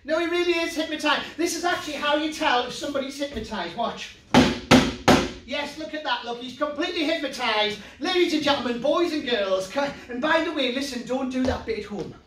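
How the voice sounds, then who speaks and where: Excitable North East English magician, high voice. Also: male voice, brisk, reverberant, recorded from a distance, very noisy. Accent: Geordie. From North East England. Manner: playful, excitable, talks straight to the kids at home. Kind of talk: children's comedy magic show.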